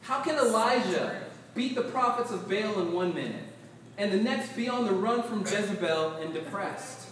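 A man preaches with lively, animated delivery, often breaking into laughs and acting out voices from scripture. His voice sits high. He sounds as if he is some distance from the mic in a very reverberant church hall. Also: moderate pace, a little hiss or hum. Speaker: pastor. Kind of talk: sermon.

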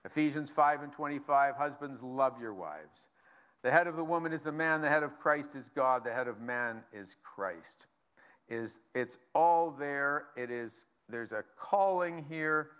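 A man's voice: mid-range voice, measured pace, a bit bright, smooth. A man preaching a sermon as pastor, casual and conversational, reading scripture aloud between asides.

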